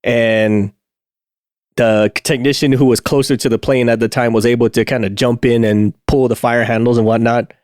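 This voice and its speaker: A man's voice: mid-range voice, little pitch movement, moderate pace, darkish tone, no echo, clean studio sound. A man co-hosting a casual podcast, telling a maintenance war story with lots of fillers and restarts and frequent laughs. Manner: rambling, many fillers and restarts, laughs often. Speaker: podcast co-host, aircraft maintenance technician.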